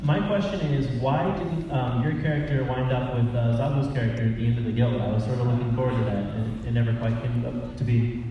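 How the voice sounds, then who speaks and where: An eager male fan asks his question haltingly, with many pauses. His voice arrives from a distance and rings through a large hall. Noise hangs over the recording. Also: medium pitch, steady tone, dull audio. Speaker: audience member asking a question.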